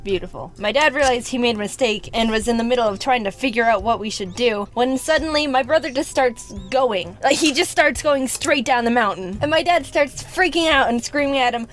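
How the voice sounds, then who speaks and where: Wry high-voiced young woman storyteller. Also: a little fast, hardly any pauses, soft background music. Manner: wry, playful storytelling with sarcastic asides. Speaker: animated storyteller. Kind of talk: scripted narration.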